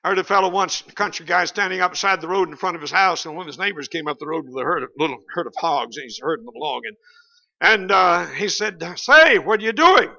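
Male Baptist preacher, high and bright, folksy and emphatic, on a dull lo-fi church tape. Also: fast talker. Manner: folksy, humorous, rising to emphatic peaks. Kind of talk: sermon.

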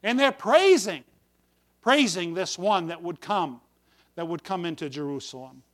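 A man's voice: sits high, expressive, a little slow. A man preaching a folksy sermon to his congregation, with sudden emphatic bursts on key words. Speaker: pastor.

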